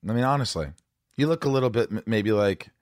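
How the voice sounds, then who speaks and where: A man's voice: mid-range voice, quick pace, dry recording, clean studio sound. A man hosting a candid conversation, talking openly and emotionally, swearing freely. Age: older.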